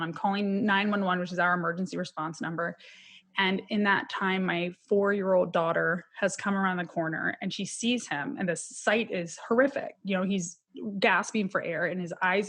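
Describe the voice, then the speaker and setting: A woman's voice: fairly low pitch, a bit bright. A woman, a criminologist and podcast guest, telling a personal loss story in an earnest, candid and emotional way.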